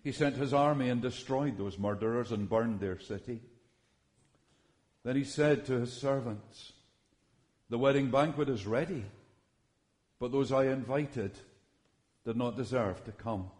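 A man reading Bible passages aloud in a measured, solemn way, pausing between phrases. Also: medium pitch, darkish tone. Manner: measured, solemn delivery with long pauses. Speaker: scripture reader. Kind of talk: slow, deliberate Bible reading.

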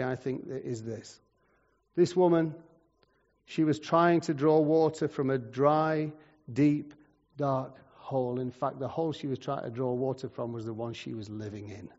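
Preacher in a reverberant hall. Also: male voice, medium pitch. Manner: conversational, swings between loud and quiet. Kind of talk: sermon with storytelling. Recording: muffled, long hall reverb.

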